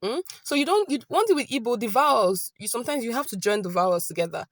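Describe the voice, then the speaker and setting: Woman, friendly online tutor, checks in often, repeats phrases slowly; dry close mic. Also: fairly high pitch, lively intonation, no room sound. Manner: chatty, keeps checking in with "okay?"; slows down and repeats phrases carefully. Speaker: language teacher. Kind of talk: casual online language lesson.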